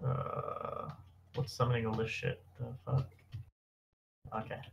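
A man's voice: medium pitch, level tone, slow pace, creaky. A young man chatting casually while gaming, teasing with dry quips. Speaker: gaming guest. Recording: dull lo-fi mic with faint hiss.

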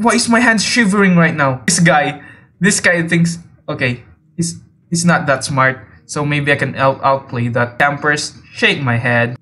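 A man giving jumpy, excitable gameplay commentary, teasing other players and often yelping and laughing. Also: on the high side. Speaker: video game player. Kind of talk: let's play gameplay commentary.

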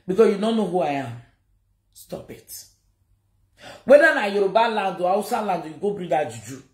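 A woman's voice: lowish voice, big pitch swings, normal speed, darkish tone, roomy sound. A Nigerian woman giving an emotional live video message, scolding and repeating her warnings. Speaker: social media personality.

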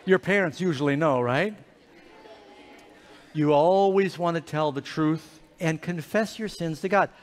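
A man telling an animated, playful story sermon to children in a large church hall. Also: on the high side, measured pace, some chatter behind. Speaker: preacher. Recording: reverberant hall.

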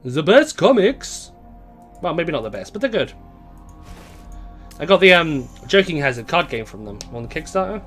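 A young adult man comments casually as he plays a game on a live stream, his voice on the high side and a bit bright. He rambles, chats with viewers, and reads out the chat.

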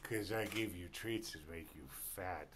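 A man's voice: sits low, unhurried. A man at home by his desk microphone, talking to himself and cooing baby talk at his pet cat. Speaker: vlogger. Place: at home indoors. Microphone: desk microphone he is testing.

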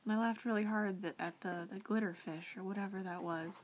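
A woman's voice: mid-range voice, fairly even intonation, brisk, few pauses, slight background noise. A young woman vlogging a casual reply to a friend, rambling with lots of fillers and restarts, often giggling.

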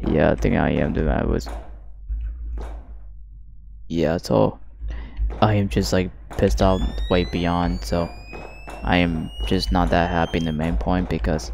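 A young man mutters and curses his way through a game session, angry and worn down. His voice sits low and he talks slowly, with a faint hiss behind him. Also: steady tone, creaky, a little mellow. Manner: frustrated, swearing, grumbling. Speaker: gaming channel host. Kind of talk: gameplay commentary.

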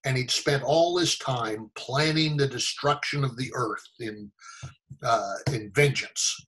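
An older American actor telling stories in a casual interview, animated and fond of acting out the voices of people he quotes. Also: medium pitch, measured pace, rough recording. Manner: animated storyteller, acts out quoted voices, chuckles often. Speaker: actor guest.

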